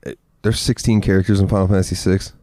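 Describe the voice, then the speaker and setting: A man's voice: deep voice, flat delivery, fast talker, warm tone. A man co-hosting a gaming podcast in casual chat, rambling, laughing often and swearing freely. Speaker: podcast co-host.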